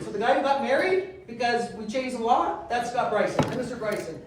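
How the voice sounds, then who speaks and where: With an extremely high pitch, a slightly fast pace, and few pauses, a Canadian MP gives a storytelling talk as a guest speaker. He animatedly performs the dialogue he quotes, heard through a distant mic in a very echoey space with faint noise running beneath.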